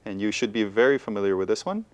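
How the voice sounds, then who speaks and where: A man's voice: lowish voice, sing-song, quick pace. A man co-hosting a bilingual Spanish lesson for college television, patiently walking through the rules and checking in with "okay?". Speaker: Spanish teacher, co-host.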